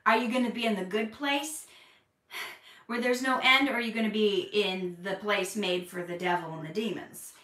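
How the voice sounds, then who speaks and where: A woman's voice: mid-range voice, moderate pace, recorded from a distance. A woman hosting a live Q&A stream, chatting casually with viewers and turning earnest and preachy. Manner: earnest, preachy, animated when excited. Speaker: livestream host answering viewer questions. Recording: roomy echo, a bit off-mic.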